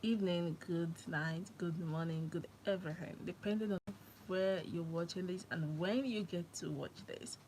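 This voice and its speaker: A young woman from Nigeria chatting on a live stream from her phone, excitable and laughing often. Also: on the low side, normal speed, a little hiss or hum, rough recording. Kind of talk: casual live-stream chat.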